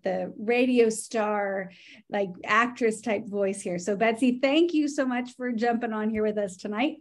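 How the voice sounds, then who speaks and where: A woman hosting a relaxed team call, her voice sitting a little higher than most. She talks in a gushing, chatty rush, full of praise and fillers like "right?" and "like". It is casual, friendly video-call talk.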